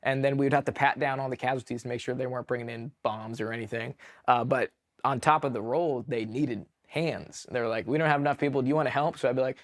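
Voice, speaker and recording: A man's voice: medium pitch, fast. A man from the United States, a veteran guest on a podcast, telling war stories in a loose, rambling way full of "like" and restarts. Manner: rambling, filler-heavy, lots of "like". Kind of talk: casual war storytelling.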